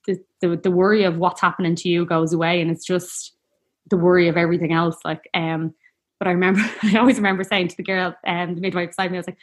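A woman telling a personal story in a casual, rambling, heartfelt way. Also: lowish voice. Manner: chatty, rambling, heartfelt, peppered with "like".

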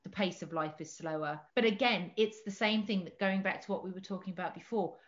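A woman in her forties from southern England, chatting as a podcast guest and telling animated stories. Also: mid-range voice, fairly quick. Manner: chatty, animated storytelling with laughs. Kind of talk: casual chat. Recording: slightly dull lo-fi podcast audio.

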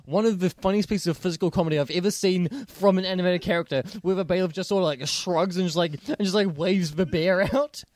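A man co-hosts a casual, comedic movie chat. He retells scenes eagerly and stumbles over his own restarts. His voice is a bit high and dry, close to the mic. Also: fast, hardly any pauses, a little mellow, dry recording. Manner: retells scenes with many restarts and acted-out quotes. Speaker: podcast co-host.

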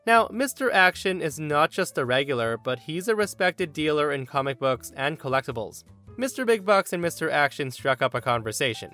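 A man hosting a podcast, reading a story aloud in a playful, animated way. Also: a little high, moderate pace, faint music behind. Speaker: podcast host.

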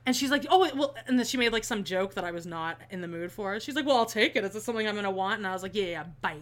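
A woman telling a story in casual chat, animated and swearing freely, acting out everyone she quotes. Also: mid-range voice, very fast.

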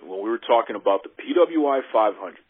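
An animated male podcast host whose husky voice swings up and down as he pleads in mock frustration. He sounds thin and tinny, as if on a phone line. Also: on the low side, fairly quick. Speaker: podcast host interviewing a guest. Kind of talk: casual phone interview.

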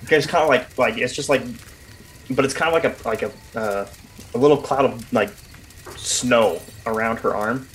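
Male player, halting and wordy, talking through his actions at the table, slight background noise. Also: mid-range voice. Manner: hesitant, searching for words, lots of "um" and "like". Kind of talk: tabletop game talk.

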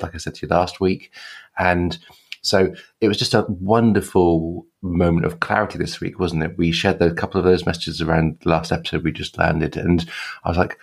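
A man co-hosting a podcast over a video call, speaking slowly and thoughtfully with frequent restarts. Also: low-pitched, vocal fry, husky. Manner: thoughtful, slow, hesitant, with restarts. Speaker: podcast co-host.

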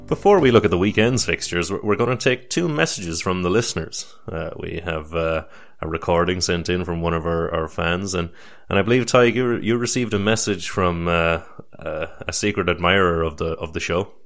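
A man's voice: deep voice, normal speed, fairly bright tone, soft background music. A young man hosting a casual podcast chat, teasing and swearing, often restarting his sentences. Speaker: podcast host.

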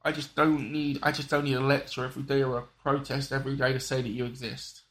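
A man's voice: medium pitch, flat delivery, quick pace, a bit bright. A man in casual conversation, rambling and restarting his sentences with frequent apologetic asides. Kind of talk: casual political chat.

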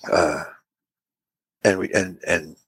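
A man's voice: sits low, fairly even intonation, slow pace, a bit bright, breathy edge, no room sound. A man in a casual chat, telling a rambling, laid-back story and acting out what people said.

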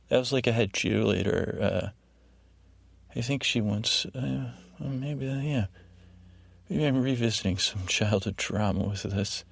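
A man with a gravelly, fry-edged voice rambles through a sleep podcast recap. He wanders off-track into self-deprecating asides and keeps restarting his sentences. The sound is dry and close. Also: mid-range voice, moderate pace, no echo. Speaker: podcast host.

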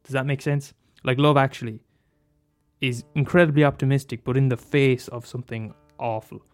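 A man rambles about films in a casual, animated way, swearing often and leaping up in pitch when he gets worked up. His voice sits at a middling pitch. Faint guitar music plays behind him. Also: moderate pace. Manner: animated, swears freely, bursts into high exclaims. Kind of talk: casual film chat.

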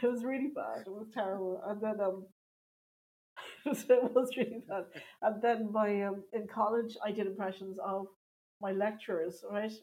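A woman's voice: medium pitch, steady tone, normal speed, darkish tone, poor audio. A woman, a stand-up comedian, telling stories in a casual interview and laughing often. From Ireland. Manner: chatty storytelling, laughing often.

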